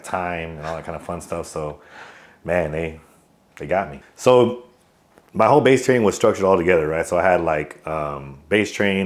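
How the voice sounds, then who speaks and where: A man in his thirties from California, an army veteran guest who tells his stories in a loose, rambling way full of fillers and restarts. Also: sits low. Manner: outgoing joker telling stories. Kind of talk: casual interview storytelling.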